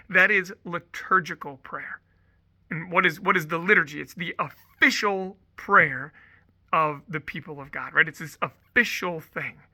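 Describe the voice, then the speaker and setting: A man's voice: high voice, sharp tone, no echo. A man, a Catholic priest, giving a conversational homily full of storytelling and frequent asides of "right?". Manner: chatty storytelling, often asks "right?".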